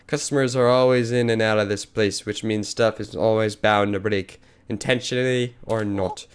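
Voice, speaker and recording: A man's voice: on the low side, steady tone, normal speed, smooth, lightly acted. A man voicing a polite, formal adult pizzeria owner calling to book a plumbing job. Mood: businesslike.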